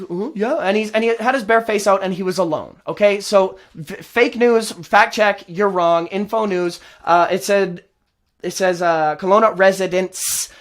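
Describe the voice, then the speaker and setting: A man hosts his own show and rants at length, his voice sitting high for a man. He swings between sarcasm and mockery as he gets more and more worked up. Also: a bit bright. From Canada. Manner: sarcastic, heated, mocking. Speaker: host. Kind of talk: ranting political commentary.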